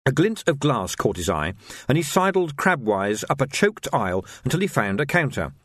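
A male audiobook narrator telling the story with lively, varied intonation. His voice sits at a middle pitch and is recorded dry and close, with no room sound. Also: normal speed, no room sound.

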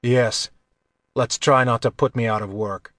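A man doing a wry, steady young thief. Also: medium pitch, unhurried, no echo, clean studio sound, lightly acted. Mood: calm. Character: young male thief, wry and quietly confident.

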